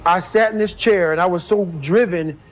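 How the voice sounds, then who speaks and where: A man's voice: sits high, normal speed. A man giving a blunt, intense motivational talk, driven and swearing freely. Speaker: motivational speaker. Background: faint background music.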